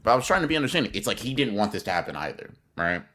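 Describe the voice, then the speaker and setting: Young male podcast co-host, low-pitched, animated slangy storyteller. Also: racing. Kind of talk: casual storytelling chat.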